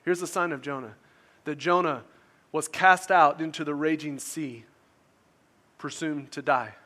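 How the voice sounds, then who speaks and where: A man preaching a conversational sermon, asking his listeners questions and swinging from loud to quiet. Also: on the high side, measured pace. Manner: conversational, asks the audience questions, varies volume widely. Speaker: pastor.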